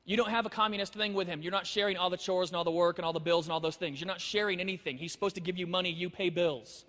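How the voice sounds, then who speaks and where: Fast, animated male preacher in a hall. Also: sits high. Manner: animated, acts out dialogue. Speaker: speaker. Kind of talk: storytelling sermon.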